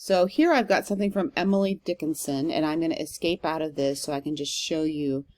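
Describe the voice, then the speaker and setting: A woman's voice: sits low, brisk, a little mellow. A woman teacher giving a recorded lecture, explaining step by step with some fillers and reading verse aloud with strong stress. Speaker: literature teacher.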